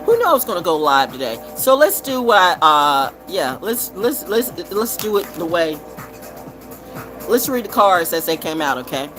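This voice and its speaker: A woman tarot reader talks in a loose, confrontational freestyle, her pitch leaping all over the place. She drops from shouted lines to low mutters and loops rhymes. Music plays loudly behind her. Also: sing-song, unhurried. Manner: swings from loud outbursts to low mutters, rhyming and repeating phrases; profane and confrontational. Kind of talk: rambling freestyle monologue with tarot reading.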